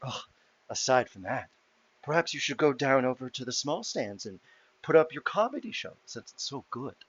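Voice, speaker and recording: A man's voice: medium pitch, lively intonation, normal speed, breathy edge, dull audio. Casting: man playing a haughty mermaid performer, condescending drawl. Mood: snide.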